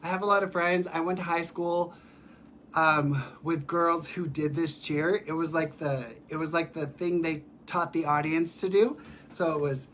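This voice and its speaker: A man who performs in drag, chatting casually on a live stream while sick, with a raspy voice and many fillers. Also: a little high, steady tone, moderate pace, a bit bright, slight background noise. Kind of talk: casual livestream chat. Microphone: phone or webcam for a live stream.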